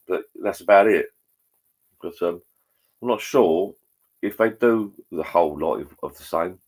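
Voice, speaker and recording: Man, very low voice, casual matey rambling chat, hosting a live stream from home. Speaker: livestream host. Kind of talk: casual chat with viewers while drinking. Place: at home, indoors.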